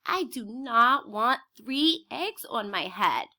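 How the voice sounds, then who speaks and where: A nervous, fussy male elephant from a children's storybook, read aloud by a woman. He frets and exclaims at every new surprise, in a high, bright voice that rises and falls a lot. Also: expressive, takes it slowly, exaggerated voice. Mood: upset. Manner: anxious, exclaims in alarm.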